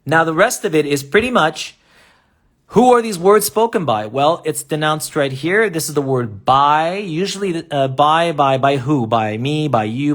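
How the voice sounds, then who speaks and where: A man explaining step by step in a live online lesson, often asking rhetorical questions and pausing to draw. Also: on the high side. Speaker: teacher. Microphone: laptop or phone mic in a live stream.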